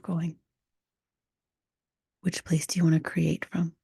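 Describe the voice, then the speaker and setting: Woman host, warm low tone, flat delivery, soft half-whispered reflective monologue. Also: takes it slowly, gravelly, pauses often, slightly rough, dry recording, studio quality. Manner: soft, often half-whispered, musing with restarts. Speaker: podcast host. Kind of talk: reflective solo podcast talk.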